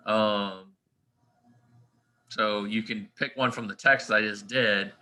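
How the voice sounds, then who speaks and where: Bright-voiced male teacher, casual lecture. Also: lowish voice, fairly even intonation, takes it slowly, faint music behind, low-quality recording. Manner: conversational, checks in often with "all right" and "right?".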